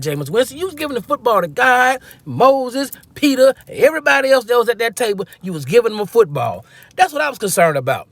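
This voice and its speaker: A man's voice: very high-pitched, very animated, quick pace, creaky, a bit bright, no room sound. A man giving a casual, slangy football-fan rant, joking and acting out quotes as he goes. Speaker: sports fan commentator.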